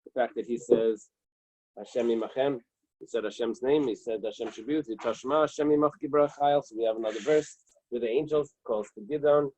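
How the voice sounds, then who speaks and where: A man's voice: medium pitch, a little fast, a little mellow, poor audio. A man teaching an early-morning Talmud class, reading Hebrew and Aramaic text and translating it plainly, checking in with "right?" and "okay". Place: small synagogue study room.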